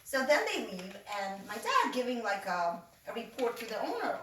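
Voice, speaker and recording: A woman's voice: on the high side, very animated, normal speed, few pauses, fairly bright tone. A woman telling comic stories in a casual way, laughing often and acting out the voices of her family. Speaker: storyteller. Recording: roomy sound from a distant mic, faint noise.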